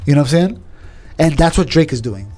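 A man's voice: fairly high pitch, lively intonation, a little fast, mellow. A man in casual podcast chat, rambling with many restarts and fillers, calling people "bro". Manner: calls listener "bro".

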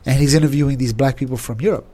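A man's voice: medium pitch, steady tone, very fast, warm tone. A man in casual podcast chat, rambling with many restarts and fillers, calling people "bro". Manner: calls listener "bro".

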